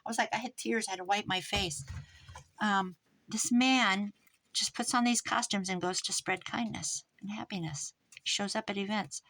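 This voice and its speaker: A middle-aged American woman telling a long story in casual chat, rambling and animated, with restarts and quoted dialogue. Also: medium pitch, normal speed, rough recording. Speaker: crafting vlogger.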